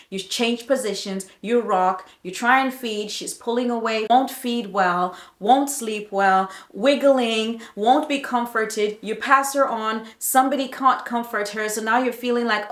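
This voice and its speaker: Slow-talking woman nurse in an echoey room. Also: on the high side, fairly bright tone. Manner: chatty and emphatic, speaks straight to the viewer. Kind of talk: casual health advice vlog.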